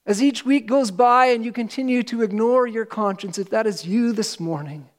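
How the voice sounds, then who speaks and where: A man with a high-pitched voice preaches to his church congregation. He is an earnest, emphatic pastor who lets slow, weighty pauses hang between his words.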